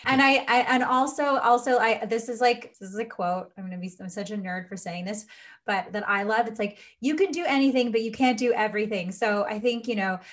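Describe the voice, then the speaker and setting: A woman's voice: mid-range voice, fairly quick, a bit bright. A woman hosting a casual interview, affectionate and effusive, laughing often as she asks questions. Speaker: host and co-founder.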